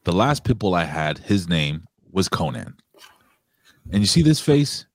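A man's voice: low voice, big pitch swings, unhurried. A man co-hosting a talk show, chatting casually and swearing bluntly. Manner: profane, blunt. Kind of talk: casual chat.

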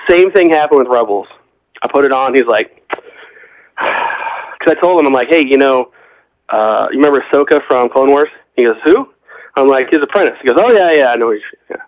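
A man's voice: medium pitch, expressive, normal speed, pauses often, no room sound. Casual male podcast co-host, rambling storyteller, muffled dry mic. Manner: rambling storyteller, acts out quotes. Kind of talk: casual chat. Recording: dull, dry lo-fi sound.

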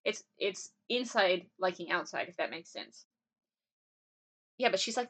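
A woman's voice: lowish voice, expressive, measured pace, a bit bright. A woman co-hosting a podcast, chatting casually as she recaps a drama and acts out quotes from it. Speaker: podcast co-host.

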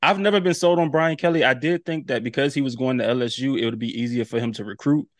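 A man, a guest on a sports podcast, chatting about football in a relaxed, slangy way. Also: medium pitch, fast talker, no echo. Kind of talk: casual sports chat.

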